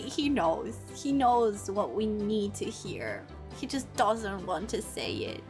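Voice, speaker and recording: A woman streamer casually commenting on a game while she plays, chatty and quick to laugh. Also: mid-range voice. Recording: game music playing behind.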